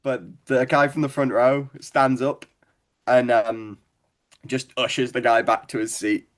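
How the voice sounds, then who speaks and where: A man's voice: mid-range voice, level tone, unhurried. Scouse young man telling comedy stories. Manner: rambling, sweary, laughs at his own stories. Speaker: guest stand-up comedian. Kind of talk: casual storytelling chat.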